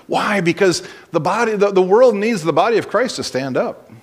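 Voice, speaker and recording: Blunt preaching pastor, higher-pitched man. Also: animated, moderate pace, husky. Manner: conversational storytelling with blunt exhortations and frequent restarts. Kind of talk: sermon.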